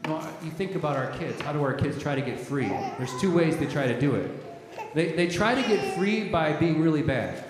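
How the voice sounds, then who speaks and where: Emphatic high-voiced preacher in echoing hall. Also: male voice, animated, a little fast, background noise. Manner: emphatic preaching, repeats words and restarts. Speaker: pastor. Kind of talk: sermon. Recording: echoey hall, strong reverb.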